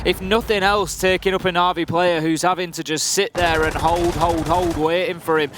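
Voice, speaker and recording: A man's voice: on the high side, fairly even intonation. A man commentating an esports match, analyzing the play and rising into hype calls. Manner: measured, building to hype calls. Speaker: esports caster. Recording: noisy broadcast mix.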